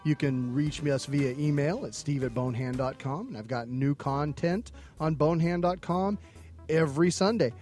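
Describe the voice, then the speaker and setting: A man co-hosting a casual comedy podcast, telling jokes and reading out show plugs, swinging from loud to low. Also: normal speed, faint music behind. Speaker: podcast co-host.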